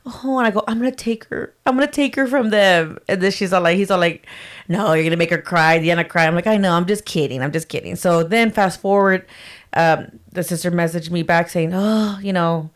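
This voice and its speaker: A woman's voice: on the low side, brisk. A woman co-hosting a casual chat podcast, telling a story with lots of slang and acting out the voices of the people in it. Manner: animated, acts out quoted voices, casual slang. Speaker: podcast co-host.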